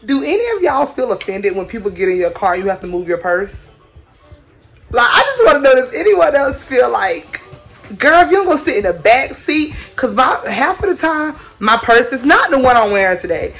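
A young woman chatting casually to her viewers in a vlog, playful and quick to laugh. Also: fairly high pitch, very animated, a bit bright, faint music behind, low-quality recording. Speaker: vlogger.

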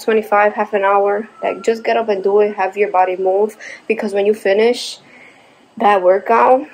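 A woman's voice: mid-range voice, a little mellow, low-quality recording. A young woman, a new mother, talking casually to camera at home, out of breath after a workout and chatty and encouraging with many fillers. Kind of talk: casual vlog talk to camera. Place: at home, indoors.

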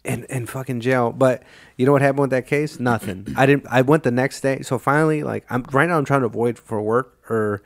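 A man's voice: medium pitch, steady tone, brisk, gravelly, no room sound, clean studio sound. A young man hosting a podcast, telling a rambling, profane story in casual chat and quoting himself and others along the way. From Illinois, United States. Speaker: podcast host.

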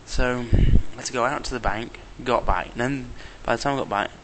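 A man's voice: mid-range voice, fairly quick. A man from England recording a video diary at arm's length, angrily ranting and muttering curses under his breath. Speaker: vlogger. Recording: noisy outdoor camera audio.

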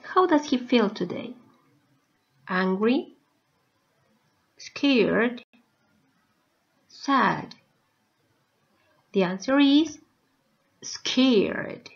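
Teacher, female, higher voice, deliberate spaced-out delivery for learners, muffled low-fi audio. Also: animated, gravelly. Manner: slow, carefully spaced words for learners. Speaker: English teacher. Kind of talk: slow recorded video lesson. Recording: dull lo-fi recording.

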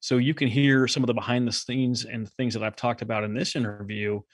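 A man's voice: mid-range voice, level tone, a little fast, no echo. A man guesting on a podcast, talking casually and directly, full of enthusiasm and stories. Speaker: podcast guest, nonprofit consultant. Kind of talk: casual interview chat.

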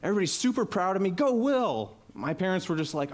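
A man in his twenties tells his story to a live audience at a conference, talking into a headset mic. His delivery is casual and animated, and he acts out the voices of the people he quotes. His voice sits a little high for a man. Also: fast. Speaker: conference speaker. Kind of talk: personal storytelling talk. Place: talk venue with live audience.

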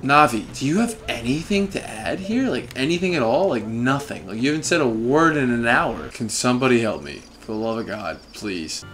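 A man's voice: medium pitch, animated, normal speed, few pauses, fairly bright tone. A young man giving sarcastic, exasperated commentary while playing a video game. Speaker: let's play host. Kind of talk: gameplay commentary.

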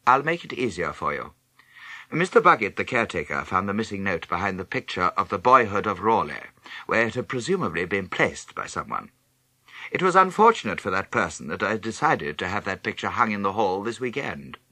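A man voicing a stern, quietly menacing school headmaster in an audiobook, measured, precise and cutting. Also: fairly low pitch, sing-song, no echo, full character voice. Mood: coldly probing. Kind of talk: audiobook character reading.

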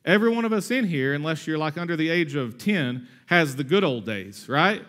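A man in his thirties preaching a sermon in a conversational, energetic way, with asides and humor. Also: on the high side, a little fast. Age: 30s. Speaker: pastor.

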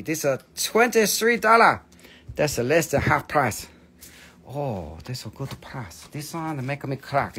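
A man with a slightly high voice hosts a live-stream crystal sale. He jokes and gets excited as he shows each piece. His English carries non-native phrasing throughout. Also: husky. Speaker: host of a live mineral sale. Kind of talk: live-stream sales pitch.

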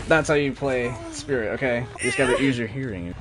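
A young man giving live commentary on his own gameplay, muttering under his breath one moment and yelling out the next. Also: mid-range voice, fairly quick. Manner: excitable, swings between mutters and loud outbursts. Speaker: streamer. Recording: loud game music underneath.

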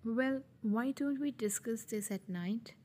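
A woman's voice: a little high, slow, dark tone, a little hiss or hum. A woman voicing a cold, possessive young male mafia heir in a fan audio drama, speaking in a teasing, often whispery tone.

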